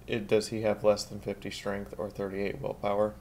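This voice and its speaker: A man's voice: lowish voice, monotone, moderate pace, a little mellow. A man playing in a tabletop game, asking questions in a matter-of-fact way. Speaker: player. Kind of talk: casual tabletop play.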